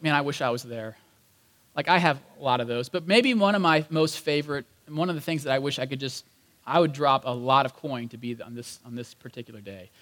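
A man preaching with a high voice. He talks in a casual, lively way and acts out the voices of people in the story as he goes. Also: long reverb tail. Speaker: pastor. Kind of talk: sermon.

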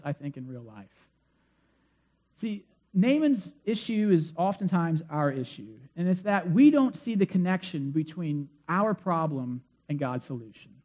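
A man's voice: high voice, a little mellow. A male pastor preaching a sermon in a conversational, storytelling way with frequent fillers.

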